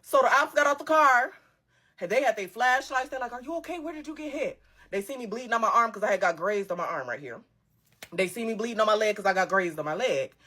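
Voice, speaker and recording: A young woman telling a casual storytime, animated and slangy, laughing as she goes. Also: mid-range voice, fast talker. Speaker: storytime vlogger.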